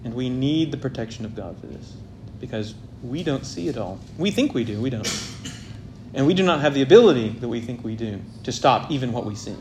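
Delivering an expository sermon at a medium pitch, a man surges loud for key points and falls to a near hush elsewhere. There is faint background noise.

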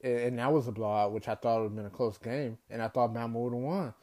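A man hosting a solo sports show, ranting in an exasperated way, repeating himself and climbing higher in pitch when worked up. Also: fairly even intonation, fast, darkish tone. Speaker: sports podcast host. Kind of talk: solo sports commentary rant.

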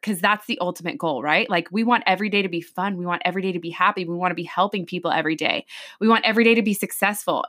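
A woman who works as a hairstylist, co-hosting a podcast and telling a story in a chatty, animated way, acting out the voices of the people in it. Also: mid-range voice. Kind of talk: casual storytelling chat.

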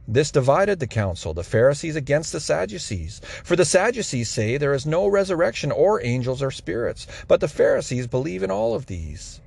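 A man reading scripture aloud at a steady, even pace. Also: mid-range voice, moderate pace, gravelly, hardly any pauses, slightly rough. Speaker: Bible reader.

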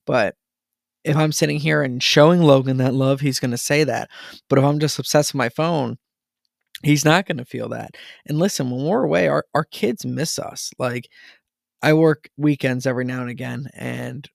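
Earnest gravelly-voiced man talking to listeners. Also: medium pitch, normal speed, dry recording, studio quality. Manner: earnest, repeats words when excited. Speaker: podcast host. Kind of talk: casual solo talk to listeners.

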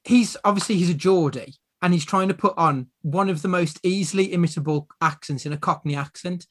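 A man's voice: high-pitched, a little fast. A British man hosting a podcast, asking the others questions in a wry, casual way. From Britain. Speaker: podcast host. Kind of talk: casual chat.

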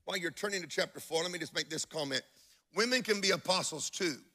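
A man's voice: high-pitched, fast talker, sharp tone. A man preaching a sermon to a congregation in church, emphatic and telling stories with acted-out quotes.

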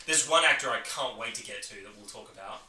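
A man co-hosting a film podcast in casual chat, talking with eager enthusiasm and quick to gush. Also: on the low side, bright, forceful tone. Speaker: podcast co-host. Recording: echoey room.

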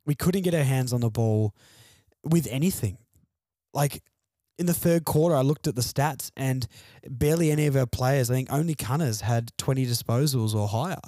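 A man's voice: mid-range voice, normal speed, dark tone, dry recording, studio quality. A man hosting a fan podcast alone, venting frustrated, sardonic opinions about his team's loss. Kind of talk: solo sports podcast rant.

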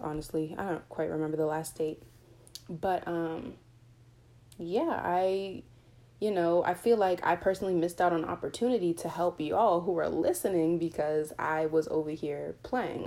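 A woman's voice: fairly low pitch, mellow. A woman hosting a motivational faith podcast, talking earnestly and candidly. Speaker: podcast host.

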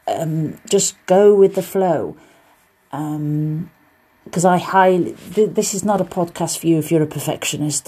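A woman from the United Kingdom hosts a casual solo quilting podcast, and she is a quilting teacher too. Her voice is on the low side and warm with a breathy edge, and she talks in a chatty, encouraging way with loose, meandering asides.

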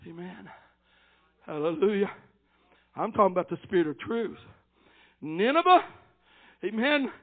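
An older man preaching a fervent church sermon, dotting his phrases with amens and rising into shouts. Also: high voice, moderate pace, long pauses. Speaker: pastor. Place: church service. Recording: tinny phone-like lo-fi recording.

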